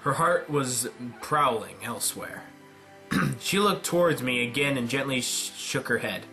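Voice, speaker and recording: A man reading a visual novel aloud dramatically, with deadpan joking asides. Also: mid-range voice, measured pace, soft background music. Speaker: let's player.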